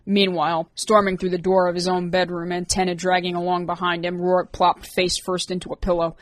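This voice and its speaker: A woman narrating an audiobook chapter in a steady, even way. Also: fairly low pitch, fairly quick, no echo. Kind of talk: reading a novel aloud.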